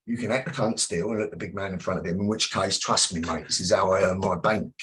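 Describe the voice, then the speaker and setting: A man's voice: sits low, fairly even intonation, fast talker, fairly bright tone, rough recording. A middle-aged man, a self-protection instructor telling blunt, profane stories as a podcast guest. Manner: blunt, profane, acts out confrontations. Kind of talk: casual interview storytelling.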